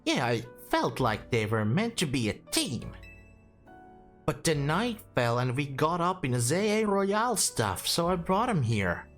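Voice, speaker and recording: A cheerful young woman trainer, put on by a man, her lines pitched well above his own low voice. She sounds eager and admiring, taking her time. Soft game music plays underneath. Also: sing-song, a little slow. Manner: bright, eager, falsetto-lifted. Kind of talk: reading game dialogue aloud.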